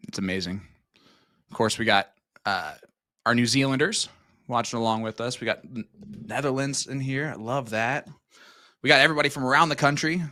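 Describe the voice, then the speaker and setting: A friendly male darts commentator at a medium pitch, with a bright, forceful tone. He calls the play and greets viewers by name and place. The sound is dry, with no room around it. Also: fairly quick, no echo. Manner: friendly, reads out viewer shout-outs between play calls. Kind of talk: live sports commentary.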